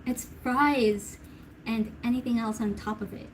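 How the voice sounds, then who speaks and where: Female stream host, bright higher register, easygoing and chatty with viewers, laughs a lot. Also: fairly even intonation, measured pace, a little hiss or hum, low-quality recording. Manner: chatty, reads viewer comments aloud and laughs often. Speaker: tarot reader hosting a live Q&A. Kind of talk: casual livestream chat.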